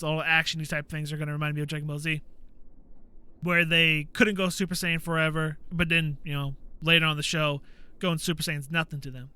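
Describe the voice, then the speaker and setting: A man hosting a gaming channel, chatting casually while he plays and acting out quotes in a high voice. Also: pushed and bright, clean tone. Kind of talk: casual commentary while playing.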